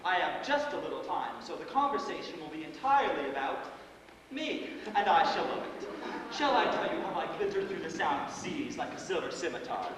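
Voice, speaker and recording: A man's voice: a little high, very animated, fairly quick, background noise. A teenage boy acting a flamboyant, vain celebrity playwright on a school stage, with grand, affected theatrical delivery. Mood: boastful. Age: teen. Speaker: stage actor. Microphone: distant room mic. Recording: echoey school stage from far off.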